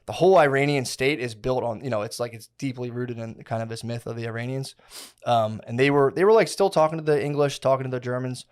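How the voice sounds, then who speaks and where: A man's voice: medium pitch, fast talker, few pauses, smooth. A man on a podcast telling a long story in casual chat, rambling and slangy, with many restarts. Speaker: podcast co-host.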